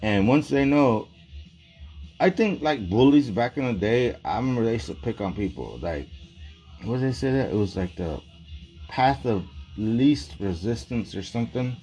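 A man's voice: medium pitch, animated, moderate pace, darkish tone, soft background music. A man delivering a rambling, profane, agitated monologue in casual talk.

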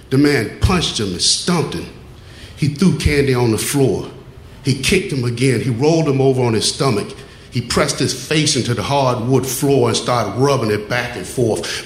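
A man's voice: on the low side, slight background noise. Man telling a personal story. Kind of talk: first-person storytelling on stage. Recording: echoey room with faint ambience.

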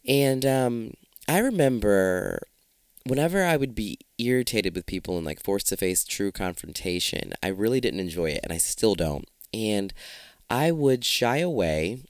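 A man in his late thirties hosting a solo podcast, talking in an animated, profane, joking way. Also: fairly low pitch, measured pace, no echo. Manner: profane, animated, comedic storytelling. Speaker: podcast host.

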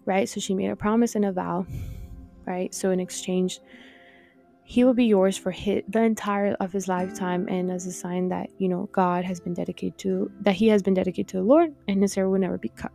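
A woman's voice: medium pitch, little pitch movement, a little fast, vocal fry, dark tone, soft background music. A woman hosting a podcast, giving a casual, heartfelt Bible talk full of fillers like "like" and "you know.". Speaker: podcast host teaching the Bible.

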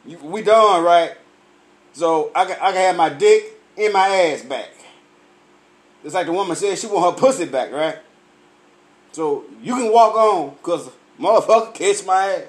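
Loud, high-voiced, cursing man. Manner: loud, laughing, heavy cursing, drawn-out punchlines. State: tipsy from drinking. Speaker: comedian vlogger. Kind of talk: profane comic storytelling rant.

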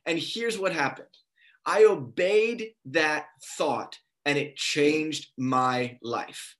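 A young man giving a sermon, telling a lively personal story and acting out the dialogue. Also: a little high, takes it slowly. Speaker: preacher.

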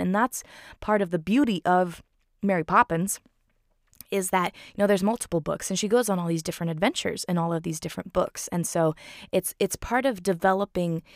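A woman's voice: on the low side, vocal fry, no echo, studio quality. A woman recapping a film in a casual, enthusiastic way, full of fillers and "like".

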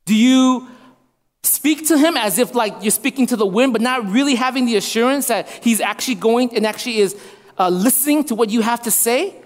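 A man's voice: very high-pitched, a little fast. A man in his thirties preaching a sermon as a pastor, repeating lines for emphasis. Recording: long reverb of a hall.

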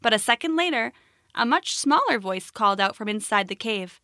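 A woman narrating a children's story in a gentle, expressive way. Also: fairly high pitch, a little fast, no echo, studio quality.

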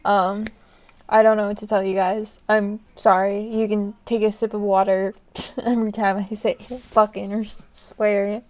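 A woman's voice: medium pitch, little pitch movement, unhurried, a little mellow. A young woman hosting her own podcast in casual solo chat, talking loosely with lots of fillers, frequent laughs and casual swearing, into a podcast microphone. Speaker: podcast host.

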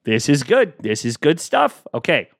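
A man's voice: a little high, wildly swooping pitch, moderate pace, vocal fry, fairly bright tone, no room sound, studio quality. A man hosting a casual solo podcast, chatting playfully and acting out both sides of imagined exchanges.

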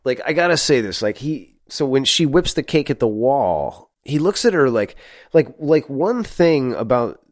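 Man, casual podcast co-host, animated, laughing, dry close sound. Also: medium pitch, moderate pace, no room sound. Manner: animated, laughing, heavy use of "like". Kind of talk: casual movie review chat.

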